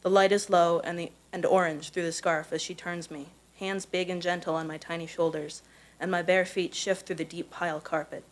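A woman with a somewhat low voice reads her personal essay aloud at a live event. She tells it carefully and evenly, letting the prose carry it. She grew up in Missouri. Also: level tone, poor audio. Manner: measured, careful storytelling delivery. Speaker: contest winner reading her own prose.

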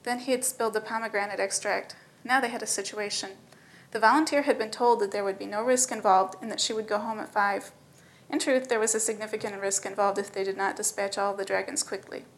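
A woman reads a story aloud at a middling pitch, steady and matter-of-fact. A faint hiss sits under her voice. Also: vocal fry, low-quality recording. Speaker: narrator. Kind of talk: storybook reading.

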